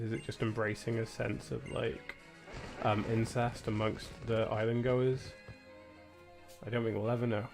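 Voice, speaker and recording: With faint game music in the background, a young British man gives laid-back, wry commentary on his gameplay as a streamer. His voice is mid-range and gravelly, and he rambles with plenty of fillers.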